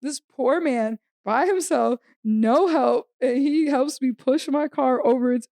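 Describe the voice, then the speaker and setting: A woman's voice: sits high, unhurried, no echo, studio quality. A woman co-hosting a podcast, telling a story in casual chat and acting out the quotes. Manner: animated storyteller who acts out quotes. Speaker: podcast co-host.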